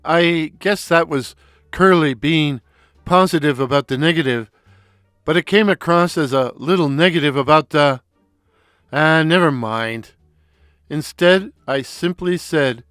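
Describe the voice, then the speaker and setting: A man narrates his own comic story in an unhurried, wry manner. His voice sits a little high and moves slowly. The recording is dry and close, with faint music in the background. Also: a bit bright, no room sound. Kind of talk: first-person audio story narration.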